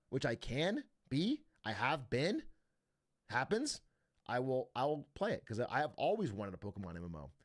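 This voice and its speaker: Young male streamer, expressive pitch, loose profane chatter. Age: young adult. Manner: rambling, profane, laughs often. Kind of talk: casual stream chat.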